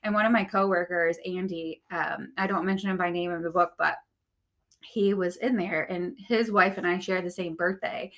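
A woman's voice: fairly low pitch, steady tone, normal speed, fairly bright tone. Candid woman telling her story. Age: young adult or older. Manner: conversational, frequent "like" fillers. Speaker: podcast guest.

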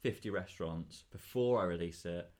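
A man's voice: sits low, normal speed, a little mellow. A man co-hosting a podcast in casual chat, teasing and arguing playfully. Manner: teasing, argumentative. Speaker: podcast co-host.

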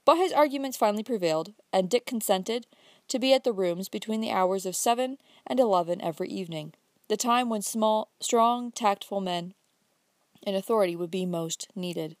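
Woman audiobook narrator, measured and even, dry studio sound. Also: mid-range voice, dry recording. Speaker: audiobook reader. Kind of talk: scripted narration.

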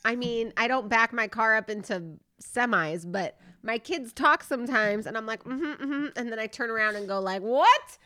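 A woman's voice: on the high side, moderate pace, hardly any pauses, sharp tone. A woman in her thirties chatting casually as a podcast co-host about a movie, giggly and prone to laughing until she tears up. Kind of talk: casual chat reviewing a movie.

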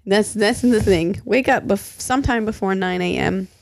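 Casting: woman in her thirties, podcast co-host, slightly gravelly voice, dry close sound, giggly and loose. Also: medium pitch, moderate pace, a little mellow, no room sound. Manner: giggly, easily amused, repeats her list. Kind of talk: casual chat.

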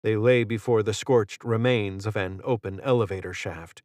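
A male narrator with a low voice reads a thriller in a steady, measured manner. The recording is dry and close, with no room sound. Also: dry recording. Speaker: audiobook narrator. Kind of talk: scripted narration.

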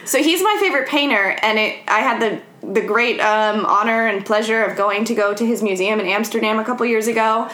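Animated woman with a high voice, echoey room. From California. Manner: animated storyteller, acts out quotes in high voices. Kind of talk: casual chat.

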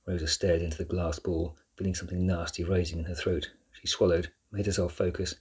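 A man narrating a children's novel chapter by chapter in a measured, steady reading. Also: sits low, slightly rough. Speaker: audiobook narrator. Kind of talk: scripted storybook narration.

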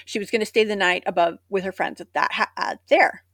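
A young woman co-hosting a podcast, chatting and reading an old article aloud. She breaks off for sarcastic, swearing asides. Her pitch sits mid-range, and the recording is close and dry. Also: fairly quick, a bit bright, dry recording. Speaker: podcast co-host. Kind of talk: casual chat, reading a news article aloud.

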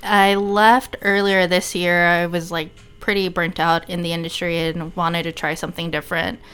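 A young adult woman from Texas, a podcast guest from the beer trade, chatting casually and candidly, quick to laugh. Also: lowish voice, level tone, fairly bright tone, clear, resonant tone. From El Paso, Texas. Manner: laid-back, candid, laughs easily. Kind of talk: casual chat.

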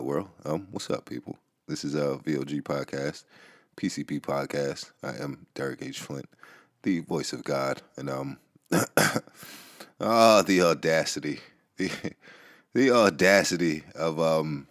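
A man hosting a casual podcast monologue. He talks in a loose, rambling way, with many fillers, restarts and profanity, and gets heated at times. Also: a bass voice. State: relaxed from smoking. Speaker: podcast host. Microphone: home podcast mic.

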